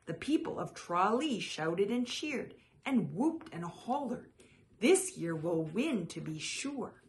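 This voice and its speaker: A woman storyteller reading a children's picture book aloud with expressive, slow dramatic phrasing. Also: fairly low pitch, a little hiss or hum.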